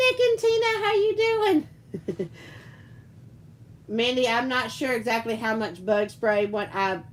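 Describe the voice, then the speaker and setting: A woman's voice: mid-range voice, a little hiss or hum, poor audio. Chatty woman telling rambling stories. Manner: chatty, rambling storyteller who laughs often. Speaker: livestream host and teacher. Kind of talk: casual live chat reading viewer comments.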